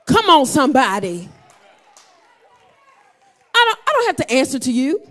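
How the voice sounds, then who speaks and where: A woman preaching a sermon, talking with her congregation and building to shouts. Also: high-pitched, big pitch swings, normal speed.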